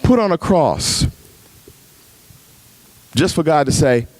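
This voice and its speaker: A male pastor preaching at a men's retreat, swinging his pitch up high to act out his own cries to God and dropping low for quiet stories. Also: big pitch swings, slow pace, dry recording. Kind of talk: sermon. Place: retreat gathering room.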